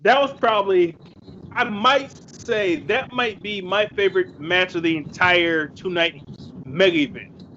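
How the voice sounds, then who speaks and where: A man's voice: high voice, measured pace, sharp tone, a little hiss or hum. A man co-hosting a podcast in casual chat, blunt and swearing freely. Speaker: podcast co-host. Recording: dull lo-fi audio.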